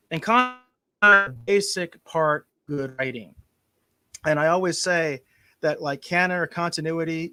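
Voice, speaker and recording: A man hosting a casual podcast chat, animated and opinionated, with big swings in loudness. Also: fairly high pitch, dry recording. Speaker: podcast host.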